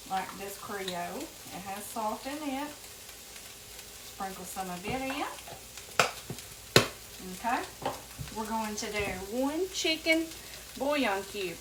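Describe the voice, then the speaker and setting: Frying and sizzling fill the background as a woman with a fairly high-pitched voice runs a casual cooking demonstration at home, addressing her audience as "y'all." The noise is heavy, and the distant mic catches plenty of kitchen echo.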